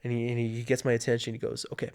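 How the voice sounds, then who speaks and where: A man with a mid-range voice tells a story in a relaxed, chatty way. He brings the moments to life, slipping into his own worried inner voice, and now and then he stumbles over his words. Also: medium pitch, rapid-fire, vocal fry. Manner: animated, acts out his own panicked inner voice. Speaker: guest sharing his testimony. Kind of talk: casual storytelling.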